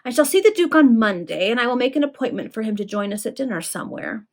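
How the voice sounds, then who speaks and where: A woman's voice: on the high side, sing-song, fast talker, pitched above the performer's own voice. A woman reading the part of a boastful young lord who talks in a hearty, blustering way.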